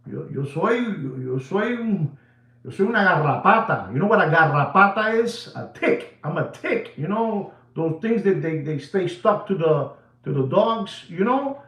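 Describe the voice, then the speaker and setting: Man, excitable, repetitive, mixes languages, fairly high voice, roomy echo. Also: measured pace, far from the mic. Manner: excitable, switches between English and Spanish, repeats himself; drops to a low serious tone. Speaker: watch channel host. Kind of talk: animated casual monologue.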